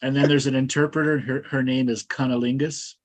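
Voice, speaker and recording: Deadpan man hosting comedy banter. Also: medium pitch, fairly quick. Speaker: host.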